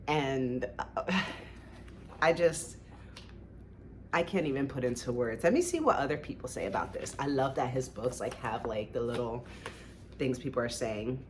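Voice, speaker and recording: Gushing low-voiced woman book vlogger. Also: animated, measured pace, pauses often, a little hiss or hum. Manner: gushing, rambling, many "like"s. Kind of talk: casual book review chat.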